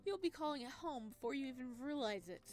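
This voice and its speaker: A man's voice: extremely high pitch, lively intonation, fast, soft background music. A woman voicing a flamboyant male restaurant owner in a put-on vaguely Italian accent, grandiose and flowery. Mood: effusive.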